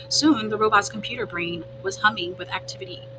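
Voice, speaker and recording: A woman reading a children's storybook aloud as a teacher, with clear, expressive storytelling. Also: medium pitch, fairly quick, hardly any pauses. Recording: humming background noise.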